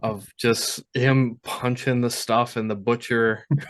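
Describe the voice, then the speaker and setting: A man's voice: medium pitch, flat delivery, a little slow. A man co-hosting a casual movie podcast, chatty and filling his talk with "like". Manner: chatty, full of 'like' fillers. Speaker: podcast co-host. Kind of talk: casual chat about movies.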